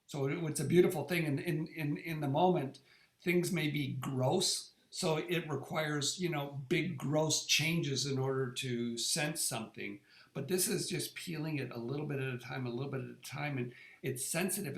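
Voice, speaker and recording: A middle-aged presenter with a slightly high voice and vocal fry speaks at a moderate pace, casually describing his own experience. He often repeats words and restarts sentences, and the room sounds echoey.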